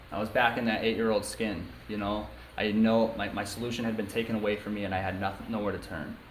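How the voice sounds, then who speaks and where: A man's voice: on the low side, fairly bright tone, a little hiss or hum. Young man from New York State, candid casual testimony full of fillers, recorded in a roomy hall. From New York State, USA. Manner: casual, frank storytelling with many ums and you-knows. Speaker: speaker sharing his story at a recovery meeting. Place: meeting room before a small group. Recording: echoey meeting room, faint ambience.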